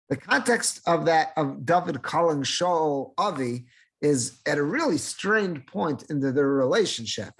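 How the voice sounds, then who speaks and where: A man's voice: fairly high pitch, fairly bright tone. A man, a rabbi, teaching a Torah class, reading Hebrew verses and explaining them line by line in a conversational way.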